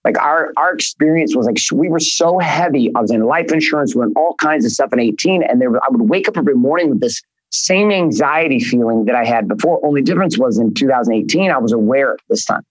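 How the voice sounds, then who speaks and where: A man in an interview, talking in a blunt, rambling way and letting swear words slip. His voice sits at an ordinary middle pitch. It is recorded close and dry, with no room sound. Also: animated, fast, hardly any pauses, slightly rough, no echo, poor audio. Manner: blunt, profane, rambling storytelling. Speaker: guest, business coach. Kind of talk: candid interview talk.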